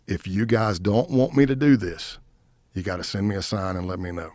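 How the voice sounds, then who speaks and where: A retired undercover agent in his fifties, appearing as a podcast guest, tells a story animatedly and acts out what other people said. His voice is deep and brisk, and the recording is dry.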